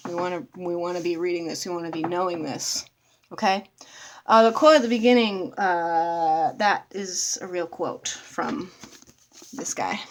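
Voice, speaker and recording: A woman's voice: fairly low pitch, a little slow, slight background noise. Blunt swearing woman vlogger. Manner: blunt, swears freely, addresses viewers as y'all. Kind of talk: casual talk to camera.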